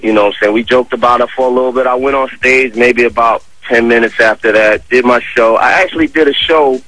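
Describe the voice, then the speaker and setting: A man with a New York accent, a guest on a radio show, telling a story in a casual, animated way full of slang and fillers. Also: mid-range voice, a little fast, low-quality recording. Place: radio studio. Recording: dry radio studio.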